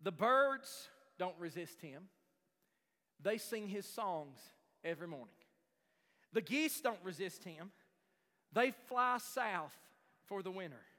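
A man's voice: sits high, expressive, slow, pauses often, sharp tone, long reverb tail. A male pastor preaching a sermon in a church, impassioned and repeating lines for emphasis. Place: church sanctuary.

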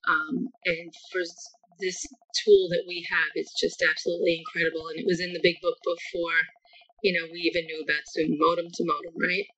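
A woman's voice: lowish voice, level tone, a little fast, a bit bright. A middle-aged woman speaking earnestly at a recovery meeting on a video call, grateful and rambling, with many fillers. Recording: dull lo-fi call audio.

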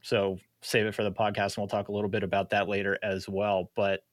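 A man's voice: fairly low pitch, level tone, brisk, no echo, studio quality. A man from Canada hosting a podcast in casual chat, playful and self-deprecating, laughing often. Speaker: podcast host.

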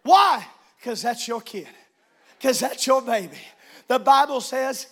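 A man, a pastor, preaching a sermon in a church, shouting and swinging into sing-song cadences. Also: very high-pitched, expressive, takes it slowly, long pauses.

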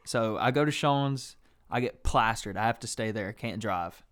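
A young man hosting a podcast, telling a story in casual, profane, animated chat. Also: fairly low pitch, normal speed, smooth. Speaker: podcast host.

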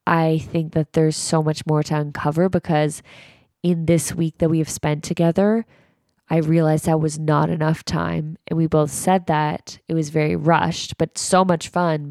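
A woman co-hosting a podcast, talking frankly and at length, jumping high when she quotes people. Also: vocal fry, mellow, no echo, studio quality. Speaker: podcast co-host. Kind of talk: candid podcast monologue.

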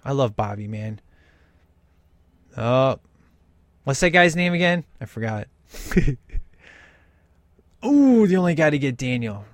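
A man's voice: medium pitch, sing-song, slow, pauses often, dry recording. A man talking through a film in casual commentary, enthusiastic and emphatic with lots of slang.

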